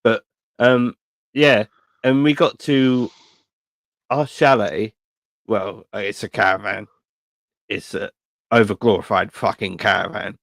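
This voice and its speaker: A man, co-hosting a casual podcast chat, swearing freely as he rambles through animated anecdotes. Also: fairly low pitch, slow, gravelly, long pauses, no echo. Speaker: podcast co-host.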